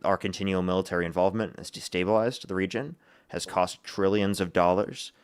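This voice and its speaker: Man hosting a live debate stream, deep and smooth voice, calm, argues with filler words. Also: a little fast. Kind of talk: casual debate.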